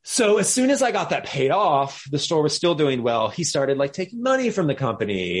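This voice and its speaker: A man's voice: a little high, moderate pace, hardly any pauses. A man, a guest entrepreneur, telling a story in an interview and acting out the people in it. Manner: lively, acts out the people in his story.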